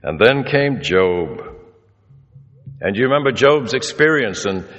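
A man's voice: mid-range voice, sing-song, measured pace, a bit bright, dull audio. A male preacher telling stories in a sermon, acting out the people he quotes. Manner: storytelling, acts out the people he quotes. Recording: reverberant hall.

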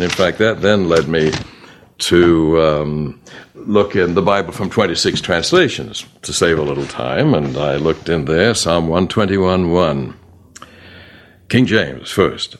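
A man teaching a Bible study in a deep voice. His delivery is animated, rising and falling widely as he reads verses and names the commas and question marks. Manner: reads verses aloud with punctuation, animated emphasis.

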